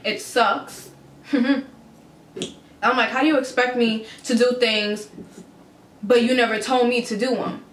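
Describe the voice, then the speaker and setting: A young adult woman vlogger recounting a story in a casual, animated, swearing, incredulous way. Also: on the high side, a little slow, long pauses. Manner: animated, profane, incredulous retelling. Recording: roomy echo with faint ambience.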